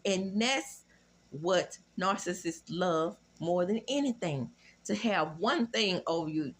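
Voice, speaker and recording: A woman with a Southern accent hosting a casual reality TV recap, sassy and animated with profane asides. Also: lowish voice, takes it slowly, husky.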